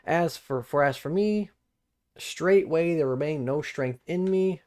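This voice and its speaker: Here a Bible study streamer with a fairly high, darkish voice reads scripture at a measured pace and muses over it. He thinks out loud, rereads verses, and repeats phrases while puzzling them out, mixing formal reading with casual, plain-spoken remarks.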